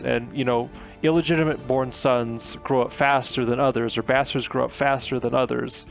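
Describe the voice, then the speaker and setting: A man's voice: mid-range voice, fairly even intonation, normal speed, vocal fry, soft background music. A man giving a chatty, filler-heavy recap of a novel chapter, retelling scenes with paraphrased quotes. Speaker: book reviewer. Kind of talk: casual book recap.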